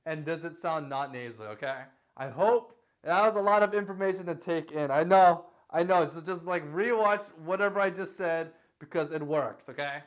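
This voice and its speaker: A man's voice: fairly high pitch, normal speed, hardly any pauses. A young man teaching singing in an online vocal lesson, coaching directly and asking the viewer questions.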